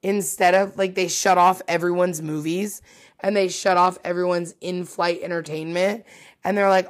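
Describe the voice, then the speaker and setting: A woman hosting a casual solo podcast, chatty and animated, swearing freely and poking fun at herself. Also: on the low side, normal speed. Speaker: podcast host.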